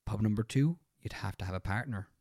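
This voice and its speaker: A man's voice: fairly low pitch, brisk, a little mellow, slightly rough, no room sound, clean studio sound. An Irish man co-hosting a podcast in casual chat, playfully explaining rules step by step. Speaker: podcast co-host.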